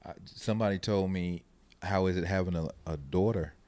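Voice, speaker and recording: A man with a fairly low voice hosts a podcast in casual chat. He tells lively stories and acts out what others said. The sound is close and dry. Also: brisk, dry recording. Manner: animated storyteller, acts out quotes. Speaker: podcast host.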